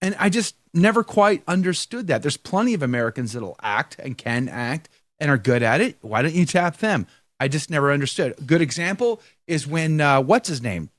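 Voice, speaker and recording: A man's voice: a little high, normal speed, no echo, clean studio sound. A man co-hosting a live talk show in casual chat, joking and reading viewer comments aloud. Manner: animated, jokey, reads viewer comments aloud.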